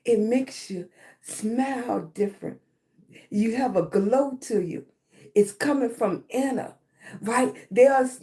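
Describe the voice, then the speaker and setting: Woman, high-pitched voice, motivational live-stream talk, congested chest, repeats "right?". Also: mellow. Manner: repetitive, keeps asking "right?". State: chest congestion, clearing her throat.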